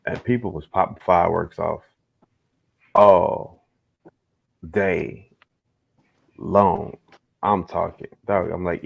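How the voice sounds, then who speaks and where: A man's voice: low voice, gravelly, highs cut off. A young man hosting a casual livestream chat, laid-back, swearing freely and laughing often. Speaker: host.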